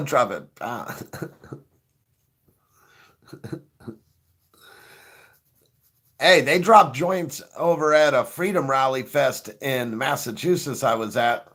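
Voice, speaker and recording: A man's voice: medium pitch, lively intonation, slow, pauses often, a bit bright. A middle-aged man hosting a show, chatting casually, swearing freely and laughing often as he rambles. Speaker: show host. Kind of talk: casual joking chat.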